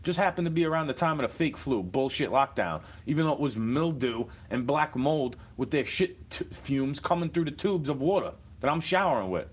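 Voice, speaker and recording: A man's voice: mid-range voice, lively intonation, brisk, few pauses. A man delivering a rambling, profane, aggrieved rant to the camera. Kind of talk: ranting monologue.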